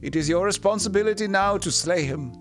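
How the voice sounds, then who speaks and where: Man voicing a grave older temple priest for a game stream, raised pitch, formal and demanding. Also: brisk, a bit bright, soft background music. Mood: stern, solemn. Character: solemn older male temple lector, stern and demanding.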